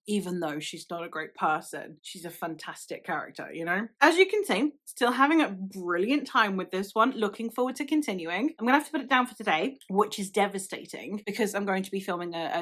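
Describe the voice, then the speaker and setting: A woman's voice: medium pitch, pushed and bright. A young woman chatting casually in a reading vlog, gushing about a book series she loves, swearing now and then. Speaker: book vlogger.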